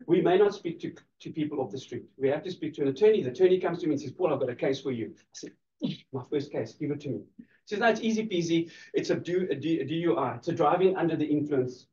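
A man's voice: a little high, lively intonation, fast talker, warm tone. A man giving a playful, teasing law lecture to a class, laughing often. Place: lecture room. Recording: distant echoey lo-fi room recording.

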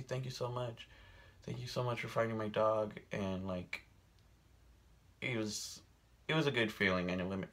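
Animated young man telling a story. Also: fairly low pitch. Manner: animated storyteller, acts out quoted voices, laughs often. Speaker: vlogger. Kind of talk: casual storytelling while doing makeup.

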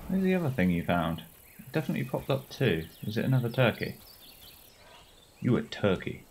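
A man's voice: medium pitch, big pitch swings, quick pace, darkish tone, a little hiss or hum. A man giving casual, sarcastic, joking commentary while playing a video game. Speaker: gamer.

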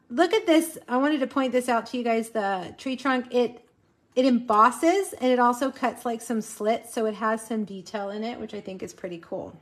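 A woman's voice: mid-range voice, fairly bright tone. Chatty woman leading a crafting stream. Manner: chatty, addresses viewers as you guys. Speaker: card-making host. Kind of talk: casual live crafting demo.

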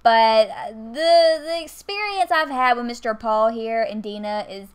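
A woman's voice: fairly high pitch, a little slow, clear, resonant tone. A woman, chatting casually while playing a life-sim game into a desk mic, scolding the characters with exasperated asides. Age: 20s. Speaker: gaming YouTuber. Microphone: USB desk mic.

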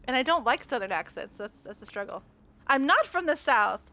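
A woman's voice: high-pitched, animated, a little fast, sharp tone, highs cut off. A woman from Chicago chatting casually while gaming on a stream and laughing often.

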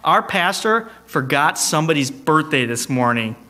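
A man leading a church service with a high voice and a sharp, very bright tone. He makes the announcements in a playful, teasing manner, tossing off quick joking asides to the congregation. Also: lively intonation. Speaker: song leader and service host. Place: church sanctuary, streamed online.

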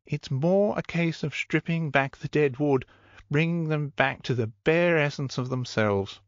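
A man's voice: on the high side, measured pace, no echo, highs cut off, voice pushed up, natural voice. A man voicing a cool, bored dominatrix woman. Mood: measured. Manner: flat, clipped, unbothered.

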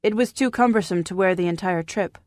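A reserved, dryly understated young woman from an audiobook, as the woman narrator voices her. She speaks low and quiet, recorded close and dry. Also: a little fast, no echo, natural voice. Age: young adult.

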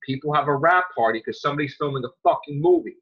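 A man hosting a podcast, ranting angrily with lots of swearing and sudden loud outbursts. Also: fairly high pitch, wildly swooping pitch, fast talker, vocal fry, crowd noise. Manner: heated, profane, jumps to loud outbursts. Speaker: podcast host. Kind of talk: angry podcast rant. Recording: dull lo-fi sound.

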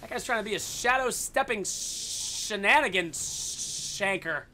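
A man giving excited, casual commentary on his own gameplay, swearing and yelling at the game. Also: high-pitched, unhurried, noisy background. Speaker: gaming video host.

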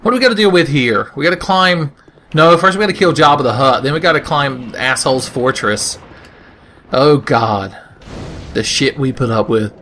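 A man's voice: medium pitch, animated, normal speed, sharp tone, slight background noise. A man doing sarcastic, profane comedic commentary over gameplay, ranting and putting on silly voices. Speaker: gaming video host.

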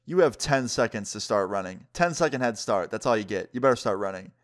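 A man's voice: lowish voice, expressive, fairly quick, natural voice. A man voicing his friend as a tough, threatening young man in a retold story. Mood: menacing.

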